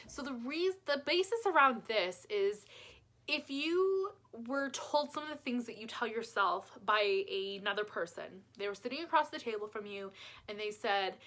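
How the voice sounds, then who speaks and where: A woman's voice: fairly high pitch, expressive, normal speed, fairly bright tone. A woman life coach giving self-help tips in an upbeat, chatty, self-deprecating way. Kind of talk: casual self-help vlog.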